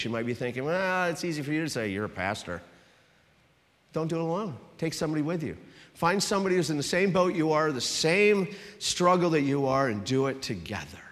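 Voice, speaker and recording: A man's voice: on the high side, fairly bright tone, big-room sound. A man preaching a sermon as a pastor, talking conversationally and getting the congregation to repeat phrases back to him. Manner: conversational preaching with audience call-and-response.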